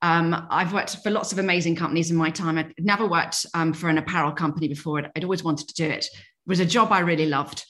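A middle-aged woman with a light Yorkshire accent talks through an interview with a fairly low voice. She sounds earnest and measured, pausing on fillers and picking up her sentences again. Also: steady tone, a bit bright. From England. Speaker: guest. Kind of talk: reflective interview conversation.

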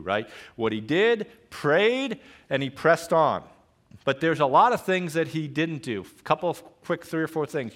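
Guy pastor preaching, mid voice, animated and jokey, growls for laughs. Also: medium pitch. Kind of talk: sermon.

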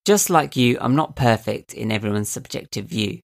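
A young man with a voice he calls squeaky and nasal, giving calm, earnest motivational advice to camera as a self-help video host. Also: moderate pace, creaky. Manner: calm, earnest, coaching tone with rhetorical questions. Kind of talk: reflective motivational talk to camera.

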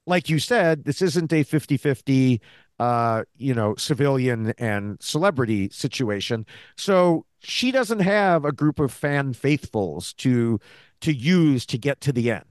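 A man's voice: medium pitch, dry recording, clean studio sound. A man co-hosting a TV recap podcast in casual chat, rambling and trailing off in fillers. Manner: chatty, animated, trails off in fillers. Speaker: podcast co-host.

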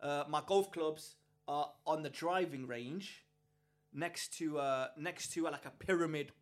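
A man from England co-hosting a podcast, telling a story in a lively, animated way and often restarting his sentences. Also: fairly high pitch, unhurried. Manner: animated storyteller, acts out quoted people, frequent restarts. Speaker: podcast co-host. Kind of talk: casual chat, storytelling.

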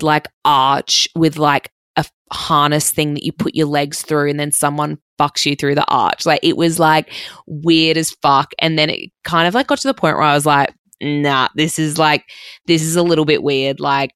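A woman's voice: sits low, clean tone, no room sound, clean studio sound. A young woman telling a story casually, swearing a lot, filling with "like" and acting out quotes. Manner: swears a lot, heavy "like" filler, animated quoting.

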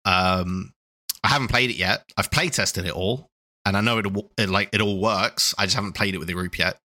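A man co-hosting a podcast in casual chat, playful and quick to laugh. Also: sits low. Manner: laughs often, animated and playful. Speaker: podcast co-host.

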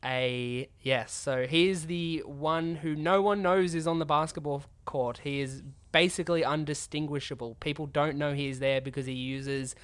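Raspy sick man podcasting. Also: medium pitch, fairly bright tone. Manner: enthusiastic, gushing. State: sick with a cold, sore throat. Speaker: podcast host. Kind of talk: casual podcast chat.

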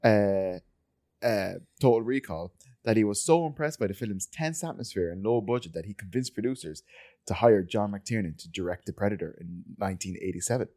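A man co-hosting a podcast, chatting about a film in a halting way with many stops and restarts. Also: fairly low pitch, lively intonation, mellow. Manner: halting, full of fillers and restarts. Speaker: podcast co-host. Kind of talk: casual film review chat.

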